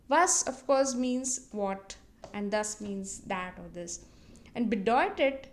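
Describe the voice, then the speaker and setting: Female language teacher, unhurried, slightly high voice, patient drill-style repetition. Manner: patient, repeats phrases slowly with lifted pitch. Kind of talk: instructional explanation with slow repetition drills.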